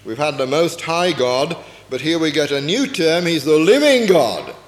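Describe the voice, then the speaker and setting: A man's voice: fairly high pitch, very animated, moderate pace. A man preaching a sermon, explaining a Bible passage earnestly and often asking rhetorical questions. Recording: echoey hall with long reverb.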